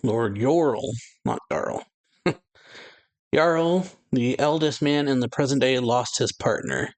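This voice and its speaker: A man's voice: mid-range voice, takes it slowly. A man hosting a reaction channel, reading a manga chapter aloud in casual chat, stumbling and correcting himself, chuckling at his slips. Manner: reads aloud with frequent restarts and self-corrections. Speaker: anime reaction channel host. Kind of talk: casual manga read-through.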